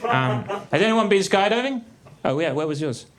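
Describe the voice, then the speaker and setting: A young man doing a stand-up comedy set on a theatre stage, deadpan and dry, with the odd high exclaimed punchline. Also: moderate pace, very noisy. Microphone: stage mic. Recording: live theatre with crowd laughter. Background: audience laughing.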